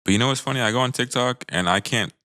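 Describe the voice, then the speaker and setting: A man guesting on a podcast, chatting in an easygoing, relaxed way. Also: medium pitch, fast. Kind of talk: casual chat.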